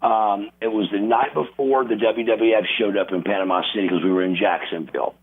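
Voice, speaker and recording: A man telling wrestling stories as an interview guest, animated and acting out crowd reactions and quotes. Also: lowish voice, a little fast, slightly rough. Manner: animated storyteller, acts out crowd noises and quotes. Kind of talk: casual storytelling interview. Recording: tinny phone line.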